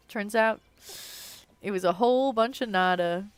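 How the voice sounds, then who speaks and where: A woman's voice: medium pitch, unhurried, clean tone, no echo. A young adult woman chatting casually while streaming a game, rambling on and filling her speech with "like.". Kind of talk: casual live-stream chat while gaming.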